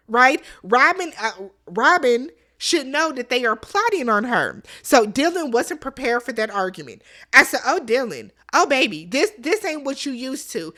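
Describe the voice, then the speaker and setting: A sassy woman recaps a reality show in casual talk, her voice high and bright. She jumps into quick asides and acts out the players' lines. Her delivery stays animated.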